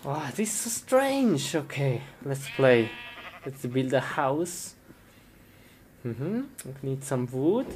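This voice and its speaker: A woman's voice: a bass voice, takes it slowly, noisy background. A woman performing a comic skit, talking to herself and breaking into frustrated yelps. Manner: excitable, bursts into frustrated yelps. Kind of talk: comic skit narration to self.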